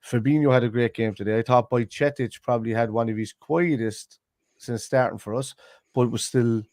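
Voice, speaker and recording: A man's voice: medium pitch, moderate pace, darkish tone, no echo. A man on a football panel, chatting casually and rambling with plenty of fillers. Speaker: panel guest.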